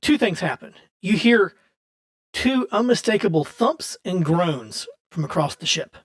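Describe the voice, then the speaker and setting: A man's voice: high-pitched, animated, unhurried. A man running a tabletop role-playing session as game master, narrating in a loose, chatty way with frequent restarts and laughs.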